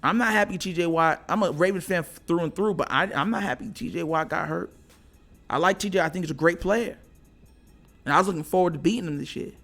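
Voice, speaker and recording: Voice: mid-range voice, fast, fairly bright tone, faint music behind. A sports show host ranting casually as a fan, with slangy trash talk and frequent laughter between lines.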